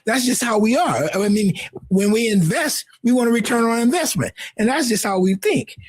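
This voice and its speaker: A man in his sixties on a discussion panel, speaking in a measured way with stammering restarts. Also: extremely high pitch, expressive, slightly rough. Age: 60s. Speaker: panel guest.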